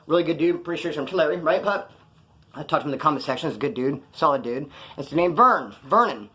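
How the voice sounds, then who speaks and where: A man's voice: fairly high pitch, pushed and bright. A man casually telling prison stories to camera in a rambling, slangy way, acting out quoted dialogue.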